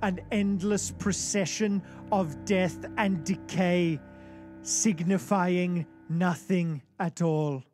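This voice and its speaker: A man putting on the voice of a grave, brooding older German narrator, with a German accent and slow, solemn, portentous delivery. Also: sits high, fairly even intonation, a little mellow, faint music behind.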